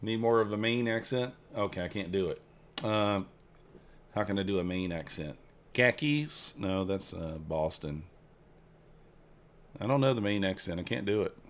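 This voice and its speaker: A man's voice: sits low, moderate pace, long pauses, slight background noise. Rambling man joking with his stream chat. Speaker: futures trading live streamer. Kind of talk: casual live-stream chat.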